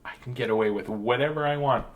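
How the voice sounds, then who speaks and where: A man's voice: mid-range voice, quick pace. A man hosting a storytime video, reading picture books aloud with goofy jokes and chatty asides from home. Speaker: storytime reader host. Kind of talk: playful picture book read-aloud.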